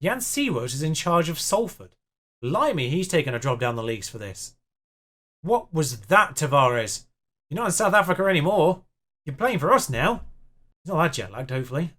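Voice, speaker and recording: A man's voice: fairly high pitch, very animated, normal speed, a bit bright. A young man commentating his own game, chatty and self-mocking, muttering along as the match plays out. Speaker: YouTube game player. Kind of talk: let's-play commentary.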